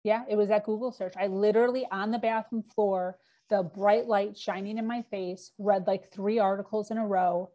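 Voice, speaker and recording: A woman's voice: mid-range voice, steady tone, normal speed, few pauses, mellow. A middle-aged woman, a podcast guest, candidly telling her own story with frequent fillers and acted-out quotes.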